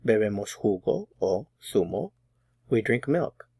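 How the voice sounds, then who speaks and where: A man teaching a Spanish grammar lesson, explaining patiently and methodically, slowing down to model example phrases. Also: on the low side, sing-song, vocal fry, dark tone, husky, no room sound, studio quality.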